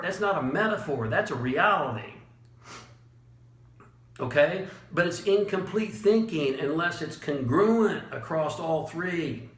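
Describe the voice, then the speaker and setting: A man delivers a blunt, animated motivational talk on leadership, leaning into his points with chuckles and dramatic pauses. His voice sits a little high for a man. The recording carries a noticeable roomy echo. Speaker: motivational speaker and leadership coach. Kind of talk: motivational monologue.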